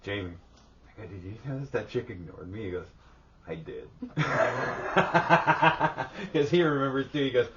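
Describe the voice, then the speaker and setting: A middle-aged man co-hosts a podcast with his wife, swearing freely as he tells profane stories in casual conversation. His medium-pitched voice is a little slow, picked up by a distant mic with dull lo-fi sound and faint background hiss.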